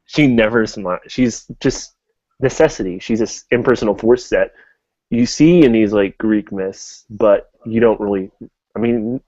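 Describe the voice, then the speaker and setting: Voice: mid-range voice, measured pace, dark tone, no echo, highs cut off. A young adult student co-hosting a casual podcast, rambling and laughing while discussing a comic book. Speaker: podcast co-host.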